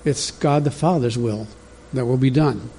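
Unhurried and warm, a man at medium pitch delivers a sermon as pastor, teaching conversationally and talking straight to his congregation. The recording carries a slight hiss or hum.

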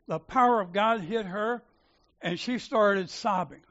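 Man, church elder, sermon storytelling, animated, acts out dialogue, fairly high voice, muffled lo-fi sound. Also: measured pace. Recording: dull lo-fi sound.

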